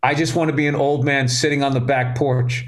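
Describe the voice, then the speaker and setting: A man co-hosting a casual comedy podcast, profane and rambling, with sudden excited bursts. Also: mid-range voice, fairly quick. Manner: profane, ranting, rambling asides; loose and jokey, with bursts of excited speech. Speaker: comedian co-host.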